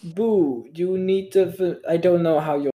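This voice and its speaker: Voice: mid-range voice, steady tone, measured pace, mellow. A player in a tabletop game with a playful, joking manner. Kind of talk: casual tabletop play.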